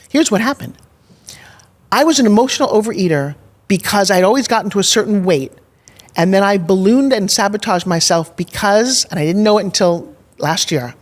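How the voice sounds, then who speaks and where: A woman's voice: medium pitch, animated, a little fast. A middle-aged woman as a podcast guest, telling a personal story candidly and with emphasis, acting out her own past thoughts. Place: studio in Nashville.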